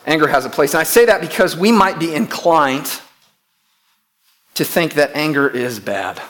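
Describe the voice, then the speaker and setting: Preaching at a moderate pace, this pastor has a slightly high, animated voice with a fairly bright tone. His sermon is emphatic, full of repeated key phrases and questions aimed at the congregation.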